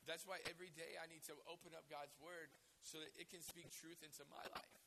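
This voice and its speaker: Hoarse, raspy male preacher. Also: a little high, level tone, fairly quick, heavy background noise. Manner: emotional, repeats words when starting phrases. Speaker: pastor. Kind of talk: sermon.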